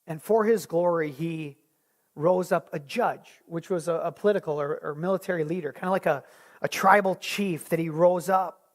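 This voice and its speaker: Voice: mid-range voice, moderate pace. A Bible study teacher leading a small group lesson, retelling scripture in a conversational way, often restarting words.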